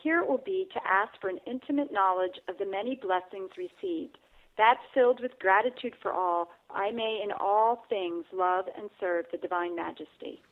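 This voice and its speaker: A woman calmly reading spiritual instructions and reflections aloud, addressing the listener. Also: mid-range voice. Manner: calm, measured, addressing the listener. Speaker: reader. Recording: narrow phone-like sound.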